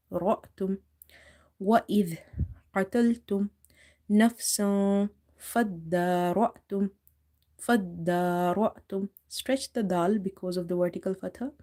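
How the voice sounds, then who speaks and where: A woman's voice: medium pitch, dark tone. A woman teaching Quran recitation in a live lesson, patiently spelling out letters and repeating words, in English with small slips. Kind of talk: tajweed lesson, live stream.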